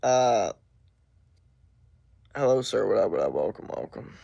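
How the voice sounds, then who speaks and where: Gravelly young guy rambling on stream. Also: fairly low pitch, animated, measured pace, warm tone, dry recording, lo-fi sound. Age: 20s. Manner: rambling, lots of "like" and "bro" filler. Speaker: livestream host. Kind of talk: casual stream chat.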